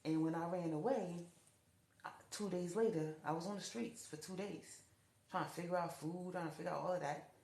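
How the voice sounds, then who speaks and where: A woman telling her own life story to camera, repeating herself and rising in pitch when upset. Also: fairly quick, creaky, a little mellow. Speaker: TikTok storyteller. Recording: echoey room.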